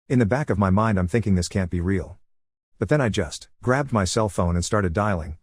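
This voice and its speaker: A man narrating a first-person story in a brisk, matter-of-fact manner. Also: fairly low pitch, slightly rough, dry recording, studio quality. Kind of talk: scripted narration of a reddit story.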